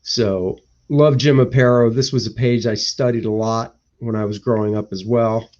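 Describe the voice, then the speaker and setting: A man's voice: medium pitch, steady tone, moderate pace, a little mellow. Guy rambling to himself on a live stream, muttering and grumbling, kinda muffled lo-fi audio. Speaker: cartoonist hosting a live stream. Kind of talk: casual live-stream chat, thinking aloud. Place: indoor home room.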